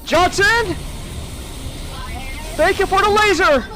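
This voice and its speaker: A man hosting a casual live-stream podcast while playing a game, excitable, with loud outbursts and stammered restarts. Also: very high-pitched, slow, over music.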